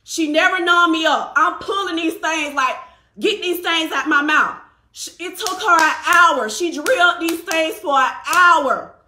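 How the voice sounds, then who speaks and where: A woman's voice: very high-pitched, unhurried, echoey room, a little hiss or hum. A woman tells a personal story in casual talk, acting out what others said. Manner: animated, acts out quotes of others.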